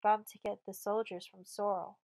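A woman voicing a husky breathless young man. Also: mid-range voice, flat delivery, moderate pace, a little mellow, natural voice, low-quality recording. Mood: urgent.

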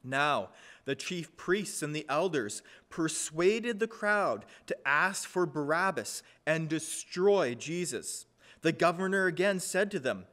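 Male pastor, higher voice, very lively pitch, unhurried sermon delivery with scripture reading. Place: church.

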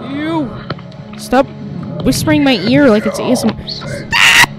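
A woman hosting a gaming video, giving loud, jumpy commentary as she plays, swearing and laughing at the scares. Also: sits high, moderate pace, loud music behind the voice. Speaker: gaming channel host. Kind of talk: reactive let's-play commentary.

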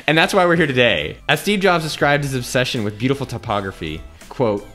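Man, theatrical read-aloud, laughing through lines, very lively pitch, faint music. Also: fairly quick, hardly any pauses. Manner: theatrical, breaks into laughter while reading. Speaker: host reading old ad copy aloud.

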